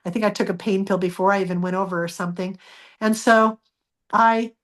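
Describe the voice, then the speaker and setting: A woman's voice: mid-range voice, fairly even intonation, fairly quick. A woman guest in an interview, earnestly telling a personal story and acting out the dialogue she remembers.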